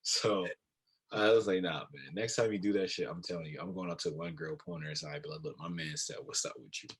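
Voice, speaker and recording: Young male podcast co-host, quiet husky voice, laid-back storyteller. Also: fairly quick. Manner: low-key, storytelling with laughs. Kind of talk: casual chat.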